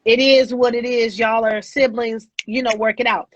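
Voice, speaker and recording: A woman in her forties speaks in a measured, reflective way, pausing on fillers as she works through her thoughts. Her recording sounds dull and dry, with little room tone. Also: a little high, level tone, no echo. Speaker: guest. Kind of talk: reflective casual chat.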